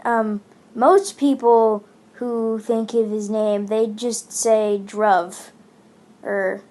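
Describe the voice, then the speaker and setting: A woman's voice: fairly high pitch, level tone, slow, dark tone. A woman from India chatting casually as she comments on a game, rambling with many fillers. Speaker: gaming channel host.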